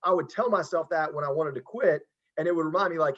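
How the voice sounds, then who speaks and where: Male coach hosting a podcast, earnest, encouraging, slightly high-pitched, dull lo-fi sound. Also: fast talker, a bit bright. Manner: earnest, encouraging, many restarts. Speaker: podcast host and football coach. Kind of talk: casual podcast interview.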